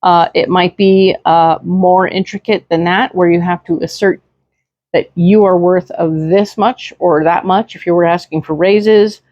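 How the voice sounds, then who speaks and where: A woman's voice: lowish voice, fairly even intonation, unhurried, darkish tone, dry recording, highs cut off. A woman giving a casual tarot reading in a chatty, reassuring way, with many fillers and tag questions, speaking into a desk microphone. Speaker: tarot reader.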